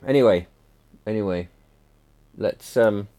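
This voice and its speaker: A man's voice: fairly low pitch, measured pace, mellow. A middle-aged man from England talking in a casual, reflective vlog monologue, wistful and rambling, often trailing off mid-sentence. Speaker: vlogger.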